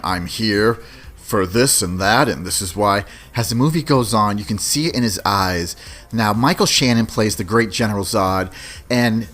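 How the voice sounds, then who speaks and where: A man's voice: on the low side, a bit bright. A man in his forties hosting a solo podcast, talking loosely and casually, often tossing in "you know what I mean". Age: 40s. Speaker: podcast host. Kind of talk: solo podcast movie countdown.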